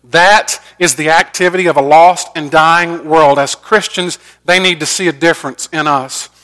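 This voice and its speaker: A middle-aged pastor preaching a sermon earnestly, moving between loud emphasis and soft, quiet lines. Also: male voice, on the high side, steady tone, normal speed.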